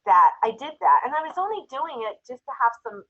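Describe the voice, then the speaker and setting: A woman's voice: high voice, very animated, brisk, muffled recording. A woman on a casual group call, telling a heartfelt story with emotion that sometimes brings her close to tears. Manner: emotional, storytelling, tearful at times. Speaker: jewelry sales team member.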